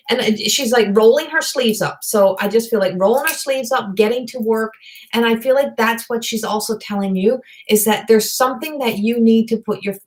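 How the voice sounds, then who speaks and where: Halting, rambling woman giving a psychic reading. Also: on the high side. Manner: rambling, halting, many fillers and restarts. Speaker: psychic medium. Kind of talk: live online reading. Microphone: video call or webcam.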